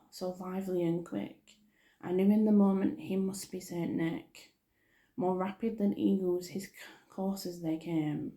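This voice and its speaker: A woman reading a poem aloud in a soft-spoken ASMR style, often stumbling over words and apologizing, recorded on a phone. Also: lowish voice, gravelly, reverberant. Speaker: ASMR creator.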